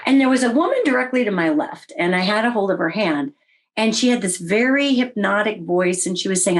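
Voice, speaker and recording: A middle-aged woman telling her own story in a casual interview, wry and animated, often voicing her own past remarks. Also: medium pitch, fairly quick. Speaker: interview guest recounting experiences.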